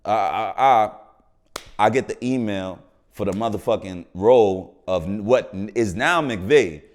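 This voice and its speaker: A man's voice: fairly low pitch, a little slow. A slangy New man telling stories. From New York. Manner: slangy, animated, acts out quoted voices. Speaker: podcast guest, actor. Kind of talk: casual storytelling.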